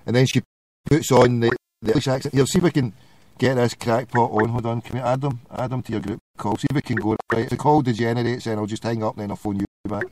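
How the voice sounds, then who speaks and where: A man with a Glaswegian accent hosts a casual call-in internet radio show, teasing his callers. Heard over a phone call with a noisy background, his voice is mid-range, steady in tone and fast.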